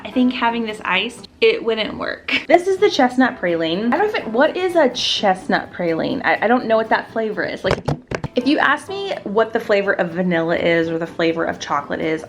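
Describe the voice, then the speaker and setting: A woman vlogging casually as she taste-tests drinks, chatty and playful, with rambling jokes. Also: mid-range voice. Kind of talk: casual taste-test vlog.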